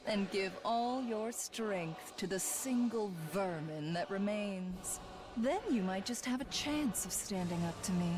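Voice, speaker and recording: A haughty villainess voiced by a woman savors every word with cruel pomp. She talks very slowly, with game music playing clearly underneath. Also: mid-range voice, lightly acted. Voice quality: pompous, grandiose. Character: arrogant cruel villainess taunting enemies, adult woman. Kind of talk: game voice acting.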